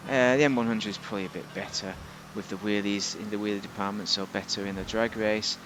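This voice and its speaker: A man's voice: lowish voice, steady tone, quick pace, noisy background. A man giving a casual, rambling, jokey commentary while reviewing a car in a video game.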